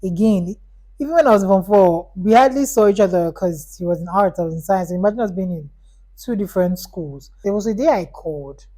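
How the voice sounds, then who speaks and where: A woman's voice: medium pitch, fairly quick, poor audio. A young adult woman telling a personal story on her vlog, rambling with lots of "like"s and acting out the dialogue. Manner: animated, rambling, many "like"s, acts out dialogue. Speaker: vlogger.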